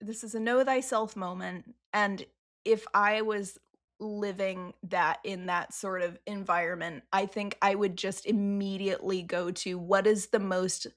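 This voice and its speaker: A woman's voice: mid-range voice, fairly even intonation, measured pace, fairly bright tone. Giggly woman chatting on a podcast. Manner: giggly, self-deprecating, chatty. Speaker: podcast co-host. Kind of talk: casual podcast chat.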